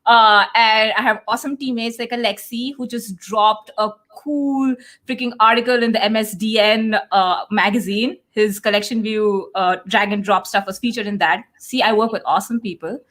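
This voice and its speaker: A woman's voice: a little high, steady tone, a bit bright. A woman co-hosting a live developer stream over a video call, sassy and jokey. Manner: sassy, jokey, rapid-fire. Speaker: guest co-host. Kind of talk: casual live-stream chat.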